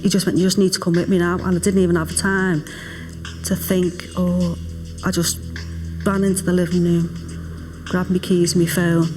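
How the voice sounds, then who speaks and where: Flat-voiced mother, quietly halting. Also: fairly low pitch, over music. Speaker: mother of victim. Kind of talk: documentary interview recollection.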